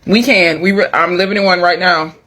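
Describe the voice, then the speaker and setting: High-voiced man ranting at his phone. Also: steady tone, fairly quick, pushed and bright. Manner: exasperated, emphatic, mocking. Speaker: social media commentator. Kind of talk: casual reaction rant.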